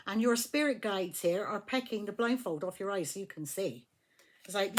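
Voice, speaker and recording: A woman giving a casual tarot reading from her flat at home, chatty and emphatic, swearing freely as she talks. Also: mid-range voice, moderate pace, slight background noise. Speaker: tarot reader.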